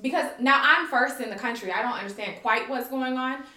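A young American woman telling a story in animated casual chat, acting out quotes, swearing and laughing often. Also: sits high, brisk. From United States. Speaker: storyteller guest. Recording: echoey room.

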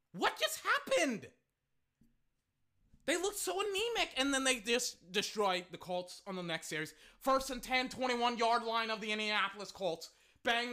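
An excitable fan commentator calling live football play-by-play, bursting out loudly on big plays and talking straight to listeners. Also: medium pitch. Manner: excitable, loud bursts, rapid asides to listeners.

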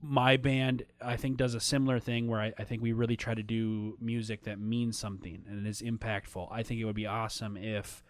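A man's voice: on the low side, level tone, a little fast, hardly any pauses, no echo. A man talking casually and candidly, swearing often, getting emotional and trailing off into fillers.

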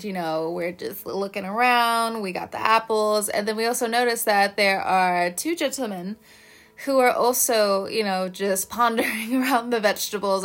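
A woman's voice: medium pitch, fairly bright tone. Chatty woman reading tarot, laughing often. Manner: rambling, chatty, laughs often mid-sentence. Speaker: tarot reader. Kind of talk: casual storytelling and tarot reading.

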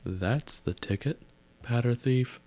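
A man's voice: mid-range voice, slow pace, dark tone, pitched above the performer's own voice. A man voicing a cocky, scornful grown man who fires back at a crowd.

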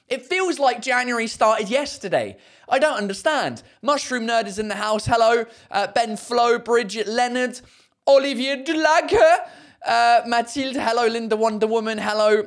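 A man's voice: high-pitched, lively intonation, moderate pace. A man hosting a live podcast from his garden shed, chatting casually and swearing freely, with plenty of fillers. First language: English. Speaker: podcast host. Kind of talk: casual live-stream chat.

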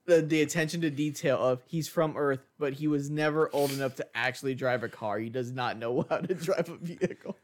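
A man's voice: fairly high pitch, brisk, hardly any pauses, a little hiss or hum. A young man co-hosting a casual movie review podcast, easygoing and agreeable as he chats about scenes. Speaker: podcast co-host.

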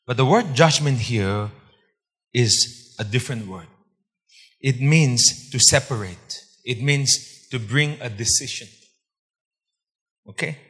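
A man preaches with a husky, mid-pitched voice, driving points home by repeating them and throwing questions at his congregation. His words ring out with the long reverb of a large hall. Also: slow, long pauses, a bit bright. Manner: emphatic, repeats key points, quizzes the congregation. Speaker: pastor. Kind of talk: sermon.

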